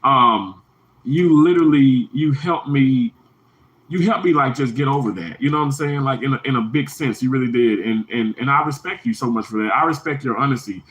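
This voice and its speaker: A man's voice: fairly quick, fairly bright tone, low-quality recording. Heartfelt rambling man on a livestream. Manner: heartfelt, rambling, repeats himself, pitch jumps high when emphatic. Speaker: livestream host. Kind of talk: emotional livestream chat with viewers.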